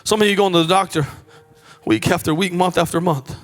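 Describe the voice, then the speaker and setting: A male pastor preaching a sermon in a conversational style, moving between hushed and raised delivery. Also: sits high, fairly quick, big-room sound. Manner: conversational asides and restarts.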